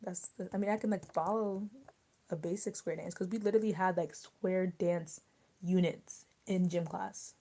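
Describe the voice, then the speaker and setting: A woman's voice: lowish voice, steady tone, normal speed, warm tone. A young woman from Maryland chatting casually on a livestream, rambling with lots of fillers. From Maryland, USA. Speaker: livestream host.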